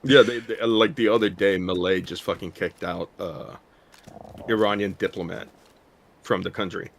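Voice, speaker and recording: A man's voice: sits low, fairly even intonation, normal speed, gravelly, slight background noise. A man in casual stream chat, ranting bluntly and profanely with many restarts.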